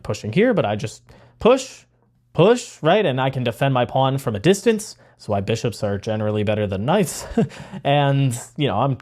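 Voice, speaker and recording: Excitable young man with a lively voice. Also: on the high side. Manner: excitable, rambling, with many fillers. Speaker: chess content creator. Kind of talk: casual chess game commentary.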